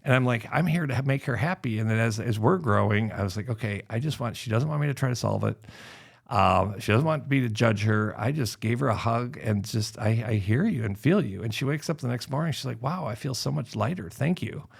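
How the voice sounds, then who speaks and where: A man's voice: medium pitch, fairly quick, creaky, slightly rough. A middle-aged man talking as a podcast guest in casual conversation, telling stories animatedly and acting out what people said. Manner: animated storytelling, acts out quoted voices.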